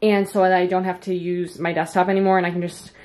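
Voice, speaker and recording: A woman's voice: lowish voice, flat delivery, fast talker, a little mellow. A young woman in her twenties chatting casually to camera in a home vlog, rambling with lots of ums and little laughs. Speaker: vlogger. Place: home office.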